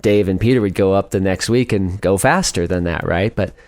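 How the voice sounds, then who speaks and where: A middle-aged man with a fairly low voice tells stories as a podcast guest. He is chatty, laughs easily and slips into other people's voices for quotes. The sound is dry and close. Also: fairly quick, darkish tone, dry recording. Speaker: guest, speed climber. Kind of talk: casual storytelling interview.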